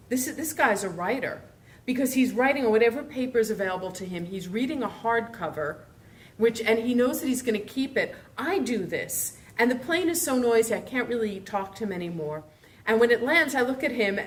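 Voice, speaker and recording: A woman author telling an animated, laughing anecdote at a live evening event. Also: medium pitch. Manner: animated, laughing, acts out her own gushing fan voice. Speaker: author panelist. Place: event room.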